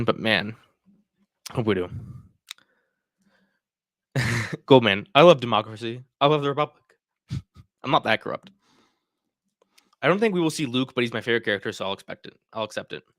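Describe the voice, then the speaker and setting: A man's voice: fairly low pitch, a bit bright, no room sound, clean studio sound. A man hosting a casual livestream, chatting and reacting to viewer comments. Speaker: livestream host.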